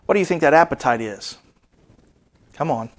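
Preacher, man, 50s, high-pitched voice, sermon delivery with animated rises and hushed asides. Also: normal speed. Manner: animated preaching, dropping to soft asides then rising high.

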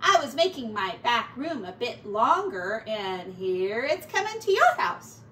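Woman playing a loud brash rat. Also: a little high, big pitch swings, a little slow. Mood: cheery. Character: brash cheerful male rat neighbor. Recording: distant mic with faint background noise.

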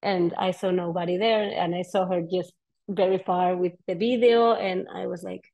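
A woman underwater photographer telling dive stories in a lively, casual talk, laughing often. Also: lowish voice, moderate pace, gravelly, dull audio. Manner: animated, laughs often, playful quoted voices. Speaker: underwater photographer giving a presentation.

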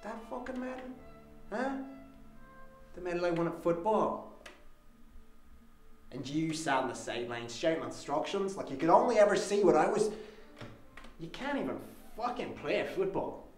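A man's voice: high-pitched, big pitch swings, normal speed, long pauses, darkish tone, soft background music. An actor playing a troubled adult son who confronts his father in a raw, profane dramatic monologue. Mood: bitter, accusing. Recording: roomy echo.

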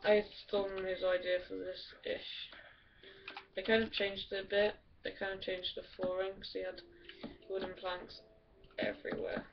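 A woman's voice: medium pitch, flat delivery, normal speed, recorded from a distance, noisy background. A woman giving casual, rambling game commentary, crude and swearing often. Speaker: gameplay commentator. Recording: dull lo-fi from off mic, loud music behind. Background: loud music.

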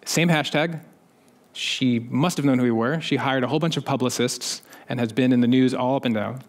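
A man's voice: medium pitch, brisk. A man speaking on a conference panel in a conversational way, with wry asides, lifting his voice when he quotes other people. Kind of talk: conference talk. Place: conference stage.

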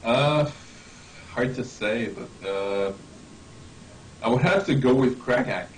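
A man, a game developer, talking casually about his favorite decks, stumbling and repeating words as he gets excited. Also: mid-range voice, distant mic, slight background noise, low-quality recording. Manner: halting, repeats words, enthusiastic. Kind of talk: casual chat.

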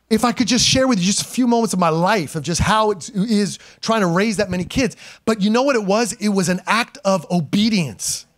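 A pastor in his forties preaching a sermon to his congregation, emphatic and animated, swinging from loud calls to hushed storytelling and laughing at himself. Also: sits high. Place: church sanctuary.

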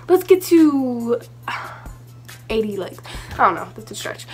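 A woman's voice: sits high, lively intonation, normal speed, darkish tone, soft background music. A teenage girl telling a storytime vlog in a chatty, rambling way, full of asides and fillers. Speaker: vlogger.

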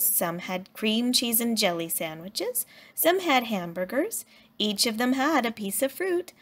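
Woman reading a storybook aloud, slow and gentle. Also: mid-range voice. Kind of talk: children's read-aloud narration.

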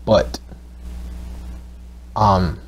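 A young man recording a casual voiceover for his gaming channel. He rambles, swears constantly, restarts his sentences and gets excitable. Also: drawn-out words, dull audio, a little hiss or hum.

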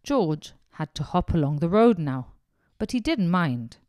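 A woman narrating a children's picture book, slow and gentle in her storytelling. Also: lowish voice, big pitch swings, dry recording, clean studio sound.

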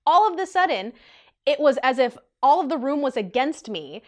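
A woman in her twenties telling an animated, chatty storytime vlog to her viewers. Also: high voice, normal speed. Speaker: vlogger.

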